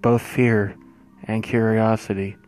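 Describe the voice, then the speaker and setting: A man telling a first-person horror story, hushed and suspenseful, with drawn-out pauses. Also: fairly low pitch, level tone, faint music behind.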